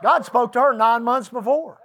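A middle-aged pastor, preaching to his church. His voice sits high for a man, and he talks in a folksy, emphatic storytelling way, dropping into asides to the congregation. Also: moderate pace, a bit bright. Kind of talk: sermon.

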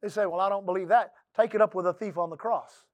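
High-voiced Texas preacher, folksy sermon. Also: male voice, steady tone, quick pace, no room sound, highs cut off. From Texas coast. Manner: folksy, calls for amens, drops to soft low voice for quotes. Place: church.

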